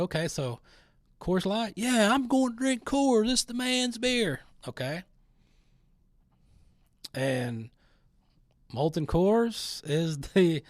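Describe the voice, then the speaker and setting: This middle-aged man, who hosts a talk show, has a slightly high voice captured in clean, echo-free studio sound. He delivers a sarcastic, casual rant of opinions, doing mocking impressions of the people he talks about.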